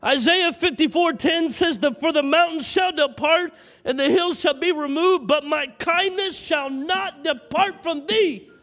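Very high-voiced man preaching. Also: a little slow, few pauses, a bit bright. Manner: impassioned, reciting scripture aloud. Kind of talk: sermon.

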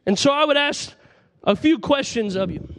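A preacher with a strikingly high-pitched voice delivers a sermon. He speaks with passion and recites scripture at length to his congregation. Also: lively intonation, normal speed, fairly bright tone, a little hiss or hum. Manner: impassioned, reciting scripture aloud.

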